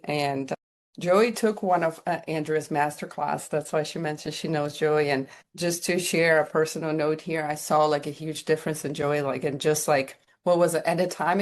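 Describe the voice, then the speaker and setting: A woman with a foreign accent in English hosts a group mentorship call, her voice sitting low. She talks informally and loosely, checking in with the group by asking "right?" and leaning on "like" as she goes. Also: creaky. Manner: informal, many "like" and "right?" fillers. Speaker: program host. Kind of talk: casual group talk. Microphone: video call.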